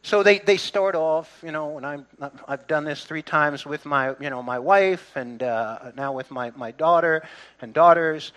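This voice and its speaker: Bright-voiced middle-aged male pastor preaching. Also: a little high, unhurried. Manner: conversational preaching, frequent restarts and asides to the congregation. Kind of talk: sermon.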